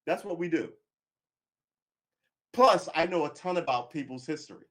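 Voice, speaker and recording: A man's voice: on the high side, lively intonation, moderate pace, a bit bright. A man giving live political commentary, angry and sarcastic, swearing, reading news aloud and cutting in with remarks.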